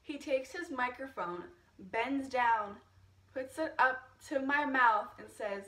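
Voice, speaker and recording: A woman's voice: high voice, takes it slowly, a bit bright, echoey room, far from the mic. A young woman in a casual storytime vlog, chatty, laughing often and swearing freely. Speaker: vlogger.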